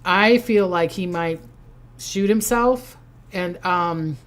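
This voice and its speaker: Older woman, Minnesota accent, lowish voice, rambling and chatty as a psychic hosting a casual livestream. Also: slow. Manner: chatty and rambling, reading out viewer comments. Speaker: psychic host.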